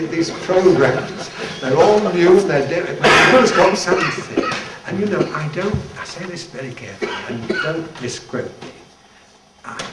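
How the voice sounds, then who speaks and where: An older man, a retired church leader, giving an informal, humorous devotional talk with chuckling asides to a band at practice. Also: mid-range voice. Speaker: retired Salvation Army general leading devotions. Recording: echoey, distant, noisy room recording.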